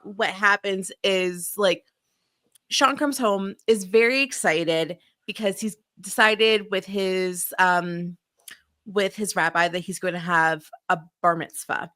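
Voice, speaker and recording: A woman co-hosting a podcast, talking in an animated, exasperated rush with lots of fillers and casual swearing. Her voice is bright and forward, and the sound is dry and close with almost no room around it. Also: medium pitch, slow pace, no room sound. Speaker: podcast co-host. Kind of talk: casual chat.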